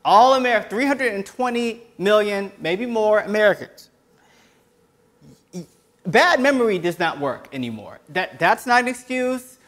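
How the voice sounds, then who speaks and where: A man hosts his own web show, delivering sarcastic political commentary with passion and sometimes yelling. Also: high voice, lively intonation, a little slow. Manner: impassioned, sarcastic, breaks into yelling. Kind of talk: solo political commentary rant.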